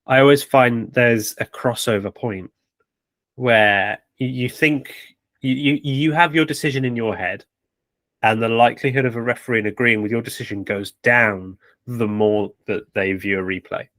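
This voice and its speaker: A man co-hosting a podcast, giving opinionated, measured analysis in casual chat. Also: medium pitch, fairly bright tone, dry recording. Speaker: podcast co-host.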